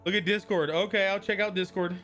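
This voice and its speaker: A young male streamer with a bright, slightly high voice, talking in a loose and rambling way as he reads his chat and answers it. Faint music plays under his voice. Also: fairly even intonation, a little fast. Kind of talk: casual live-stream chat.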